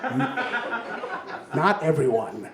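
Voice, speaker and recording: Animated man doing stand-up in a club. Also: on the high side, slow pace, creaky, very noisy. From Kentucky. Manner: animated, swings into loud exclaimed punchlines. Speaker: stand-up comedian. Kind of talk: stand-up comedy set. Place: comedy club with laughing audience. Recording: roomy club with crowd laughter.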